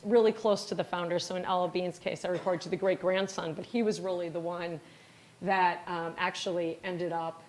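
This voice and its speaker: A woman's voice: fairly low pitch, steady tone, moderate pace, a little mellow, slight background noise. A middle-aged woman from Wisconsin giving a lecture as a company founder, chatty and self-deprecating, acting out bits of dialogue as she tells stories. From Wisconsin, USA. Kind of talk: storytelling lecture.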